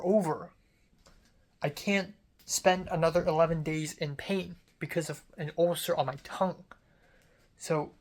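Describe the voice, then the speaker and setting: A young adult student vlogger in a casual venting monologue, rambling, self-critical and swearing freely. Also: medium pitch.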